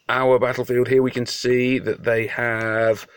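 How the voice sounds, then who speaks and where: A man's voice: mid-range voice, level tone, unhurried, smooth. A man with a British accent giving casual, joking commentary on a mobile game, self-deprecating and full of hesitations. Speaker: mobile game video host.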